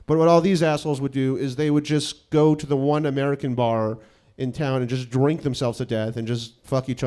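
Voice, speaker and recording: A man's voice: a little high, darkish tone. A man in his thirties from New York City, a comedian telling a profane, self-mocking personal story and acting out the quotes.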